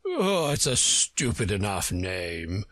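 A man voicing a pompous, touchy egg-shaped man in a storybook reading, drawling slowly and huffily. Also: medium pitch, wildly swooping pitch, fairly bright tone, dry recording, full character voice. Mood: haughty. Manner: pompous, slow and huffy.

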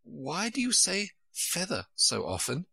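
A man's voice: fairly high pitch, big pitch swings, slow pace, bright, forceful tone, slightly rough, dry recording, pitched above the performer's own voice, heavily acted. A man voicing a polite, curious little girl who pleads eagerly and keeps asking questions.

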